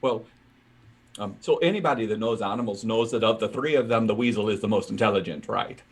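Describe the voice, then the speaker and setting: A man's voice: on the low side, a little fast, breathy edge. A man playing a tabletop game, earnest and prone to stammered restarts. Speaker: player.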